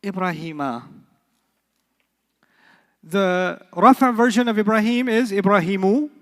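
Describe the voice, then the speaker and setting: A man teaching an Arabic class in a lively, playful way, joking and quizzing his students. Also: sits high, unhurried. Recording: long hall reverb.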